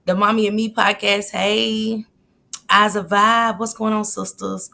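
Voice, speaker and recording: Lively woman hosting a live stream. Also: medium pitch, measured pace, creaky. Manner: lively, greets chat viewers by name. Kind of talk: casual live stream chat.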